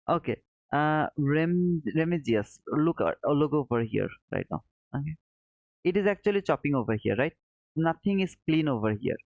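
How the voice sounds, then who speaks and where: A man with a slightly high, gravelly voice runs a live trading lesson, talking through his chart as he marks it. He chats warmly with viewers, calling each one brother. The sound is dry and a bit dull, like a lo-fi mic. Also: no room sound. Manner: friendly, calls viewers brother, thinks aloud while charting. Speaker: trading stream host. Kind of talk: live trading commentary reading chat.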